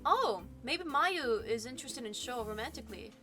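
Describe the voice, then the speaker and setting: A young woman streamer reading a game's story aloud, bubbly and excitable with gushing asides. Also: high-pitched, normal speed, over music. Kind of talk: reading a visual novel aloud with commentary.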